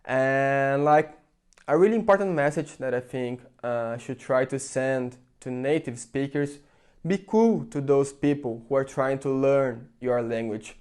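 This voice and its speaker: Brazilian man, smooth clear voice. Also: medium pitch, measured pace, darkish tone. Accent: Brazilian Portuguese. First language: Portuguese. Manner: earnest, chatty, many "like" fillers. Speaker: vlogger. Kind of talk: casual opinion talk to camera.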